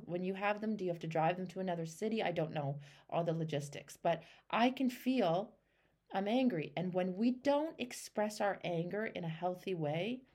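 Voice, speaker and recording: A woman's voice: on the low side, darkish tone. A woman hosting a one-on-one coaching call, talking emphatically and acting out the voices in people's heads, with casual swearing. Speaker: life coach and show host.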